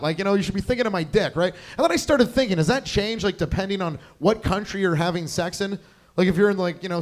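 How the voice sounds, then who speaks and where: Young man, high voice, crude rambling stand-up, club stage mic. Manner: crude, rambling, self-mocking, chatty with the crowd. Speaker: stand-up comedian. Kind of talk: stand-up comedy set.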